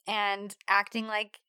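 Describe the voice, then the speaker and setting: A woman's voice: medium pitch, extremely slow, pushed and bright, clean tone, no echo, studio quality. A woman in casual chat, recapping a TV episode, laughing often and acting out lines from the show.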